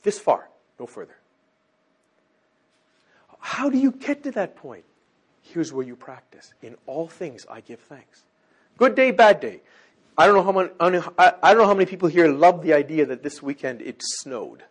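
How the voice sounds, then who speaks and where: Animated husky male preacher. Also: sits high, moderate pace, long pauses. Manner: animated, swings from loud exclamations to near-whispers. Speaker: teacher. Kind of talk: sermon.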